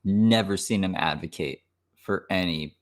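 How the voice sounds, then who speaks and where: A man with a Minnesota accent streams casual reaction commentary, tossing in wry asides and laughs. His voice sits low and moves a little slowly.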